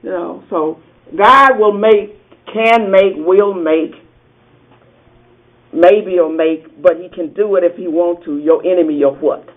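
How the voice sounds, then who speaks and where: A man teaching a lively Sunday school Bible class, quizzing the group and laughing often. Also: sits high, slow pace. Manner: animated, asks the class questions and laughs often. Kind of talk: interactive Bible lesson. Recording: tinny phone-like sound.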